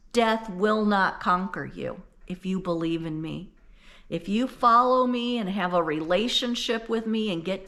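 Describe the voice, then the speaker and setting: An older woman retelling a Bible story in a folksy, conversational way, then explaining its meaning earnestly. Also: medium pitch. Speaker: Bible teacher.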